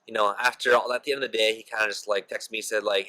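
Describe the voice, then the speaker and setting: This is a roughly recorded, echo-free clip of a young man vlogging about something that happened to him. He talks fast in a lowish, level, pushed and bright voice, and his chatty delivery leans heavily on "like" and "you know."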